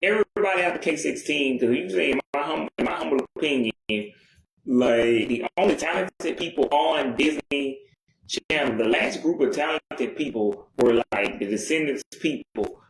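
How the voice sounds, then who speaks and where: A man's voice: fairly high pitch, moderate pace, creaky. A man ranting bluntly and profanely in casual chat. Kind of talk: casual rant. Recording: echoey room with faint noise.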